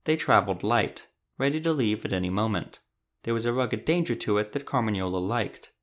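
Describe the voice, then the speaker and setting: A man narrating a fantasy audiobook in a steady storytelling manner. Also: fairly low pitch, a little fast.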